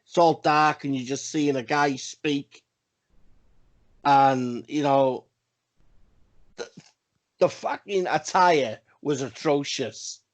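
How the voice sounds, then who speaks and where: A man's voice: fairly high pitch, slow pace, pauses often. A man co-hosting a casual wrestling podcast, talking in a rambling, profane way with emphatic repeats. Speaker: podcast co-host.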